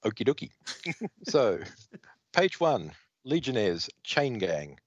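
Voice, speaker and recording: A man hosting a casual comic book podcast, reading out credits and panels in an animated storytelling manner, with a dull, dry recording sound. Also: medium pitch, slow, no room sound. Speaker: podcast host.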